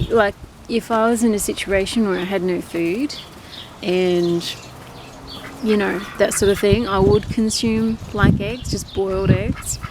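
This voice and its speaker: A woman chatting casually in a vlog, giggly and rambling with many fillers, talking outdoors among her ducks. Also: medium pitch. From Australia. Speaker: vlogger. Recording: noisy outdoor recording with ducks. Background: loud duck quacking.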